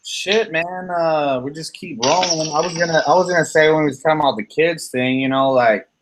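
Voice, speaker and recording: A man in his thirties with a slightly high voice talks in a loose, rambling podcast chat. He swears freely and gets heated, circling back over his own words. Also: brisk, noisy background. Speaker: channel host.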